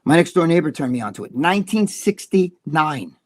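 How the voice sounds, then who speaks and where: A man's voice: on the high side, very animated, a little fast. A man in his sixties, co-hosting a casual chat and telling profane, heated stories. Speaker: co-host.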